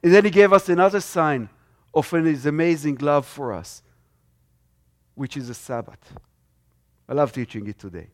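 A man's voice: fairly high pitch, normal speed, pauses often. A man preaching a sermon with strong emphasis, his voice swelling and dropping.

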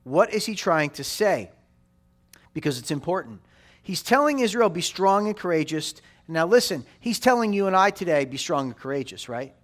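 A man in his forties delivers a sermon in a fairly high voice. His pitch swings widely as he drives his points home. He repeats phrases for weight and keeps asking his listeners "right?". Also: very animated, normal speed, fairly bright tone. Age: 40s. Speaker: pastor.

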